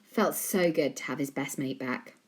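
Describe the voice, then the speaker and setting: A woman reading a children's book aloud, in a lively, animated way. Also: sits low, moderate pace, husky. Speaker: storyteller.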